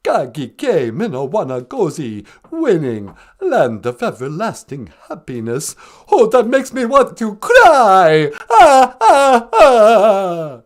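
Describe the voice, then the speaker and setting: A melodramatic vampire count drawls slowly in a mock old-world accent, punctuating everything with a theatrical "ah, ah" cackle, as a man puts him on. His voice swoops wildly up and down as he mopes about his cursed undead fate. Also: high-pitched, huge pitch swings, exaggerated voice. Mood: tearful. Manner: slow, melodramatic, self-pitying. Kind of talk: comedic call-in sketch.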